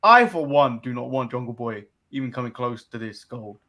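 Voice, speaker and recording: A man's voice: mid-range voice, moderate pace, sharp tone. A man from England co-hosting a casual wrestling recap show, dry and dismissive as he recaps. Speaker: podcast co-host.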